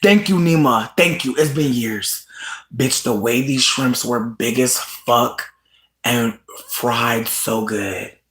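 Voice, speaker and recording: Casual livestream host, mid-pitched, profane and animated, swings into squealing laughter, echoey room. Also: takes it slowly. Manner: animated, profane, bursts into high laughing shouts. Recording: roomy echo.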